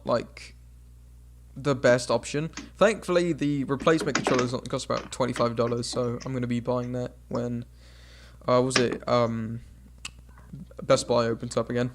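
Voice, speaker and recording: A young man with a mix of British and American accent, hosting a casual podcast chat and often pausing to search for words. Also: mid-range voice, noisy background. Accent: mixed British and American. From United Kingdom. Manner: hesitant, many fillers and restarts. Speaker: podcast host.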